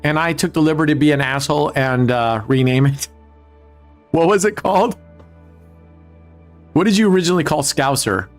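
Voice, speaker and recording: A man's voice: on the high side, normal speed, pauses often. A man hosting a live casino stream, chatting casually with viewers, joking and swearing. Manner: joking, profane, talks to chat viewers. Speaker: livestream casino host. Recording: faint music behind.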